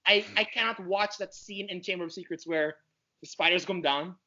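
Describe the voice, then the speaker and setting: A man chatting as a podcast guest in an excitable, rambling, fannish way. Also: high-pitched, moderate pace, muffled recording. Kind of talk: casual chat.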